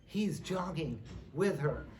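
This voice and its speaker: Joking rabbi telling a lively story. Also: male voice, on the high side, takes it slowly. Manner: animated, joking, lots of fillers. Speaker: rabbi lecturer. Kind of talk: humorous sermon storytelling. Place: synagogue lecture.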